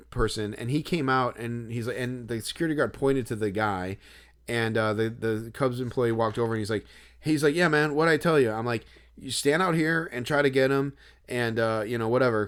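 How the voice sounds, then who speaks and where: Smooth and mid-range, a man's voice tells a story as a podcast co-host in casual chat. He rambles and hesitates, with plenty of filler words and restarts.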